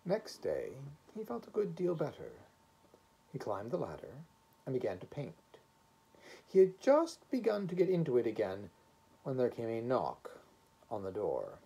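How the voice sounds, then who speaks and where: Man narrating a story, expressive measured reading, mellow tone, husky voice, wide-ranging pitch. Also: rough recording. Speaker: reader. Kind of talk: audiobook narration of a short story.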